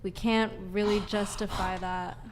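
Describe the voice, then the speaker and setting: A woman on a dating talk panel, giving a measured, reflective opinion. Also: medium pitch, little pitch movement, a crowd in the background. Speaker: panel guest. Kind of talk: casual opinion chat.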